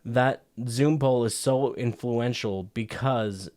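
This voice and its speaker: A man's voice: mid-range voice, takes it slowly, darkish tone, no echo. A man co-hosting a casual movie podcast, explaining film camera work at length with many fillers and restarts. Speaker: podcast co-host.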